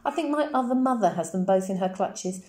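A woman's voice: medium pitch, lively intonation, fairly quick, dark tone, lightly acted. A woman voicing a brave, determined young girl who earnestly tries to sound grown-up. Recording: roomy echoey recording.

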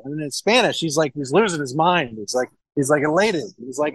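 A man's voice: on the high side, expressive, brisk, few pauses, fairly bright tone, breathy edge, no room sound, poor audio. A man from Ohio, a sommelier and wine shop owner, talking casually in an interview, rambling with restarts and swearing freely. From Cincinnati, Ohio, USA.

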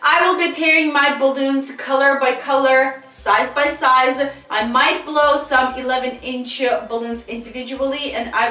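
A woman with a high, bright-sitting voice walks viewers through a balloon craft project in a cheerful, direct way. She is sick, so a light rasp and the odd crack creep into her speech. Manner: upbeat, addresses viewers directly, lists supplies. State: sick, voice may crack and sound raspy. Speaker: balloon decorating tutorial host. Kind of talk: casual tutorial narration.

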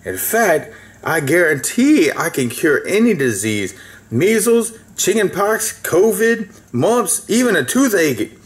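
A man's voice: high voice, big pitch swings, takes it slowly, pitched above the performer's own voice, full character voice. A man voicing a sly, hungry big black bear who lures his prey with coaxing talk. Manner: coaxing and sly, then harsh.

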